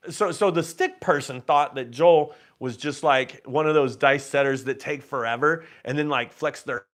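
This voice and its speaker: Animated man telling a casino story. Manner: animated, acts out his own quotes louder and higher; many restarts and laughs. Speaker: host. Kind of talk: casual storytelling on a live stream.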